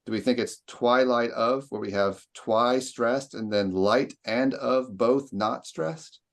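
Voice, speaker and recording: A man's voice: medium pitch, slow pace. A man leading an online poetry seminar, explaining stress and meter and asking students questions. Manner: explanatory, questioning, tapping out rhythms.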